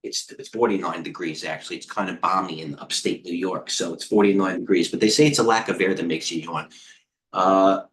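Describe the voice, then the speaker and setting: A middle-aged man hosting a live trading stream, giving casual market commentary in a rambling way, with quick asides, restarts and talking to himself. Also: low voice, fairly bright tone. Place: indoor room with a heater on.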